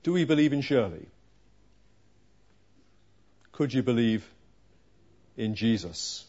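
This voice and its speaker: A man preaching a sermon, slow and emphatic, with dramatic pauses. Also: medium pitch, expressive, a little mellow, highs cut off.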